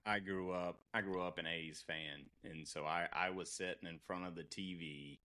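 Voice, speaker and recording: A man with a low voice hosts a podcast in casual chat. He reminisces eagerly and chats freely with his guest. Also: steady tone, moderate pace, bright, forceful tone.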